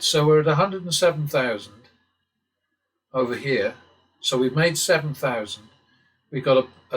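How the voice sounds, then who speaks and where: Male host, casual, mutters through the math with dry asides and the odd curse; mid-pitched voice. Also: fairly bright tone, poor audio. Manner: muttering calculations, occasional swearing, wry asides. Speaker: blackjack strategy channel host. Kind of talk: casual commentary while playing simulated blackjack.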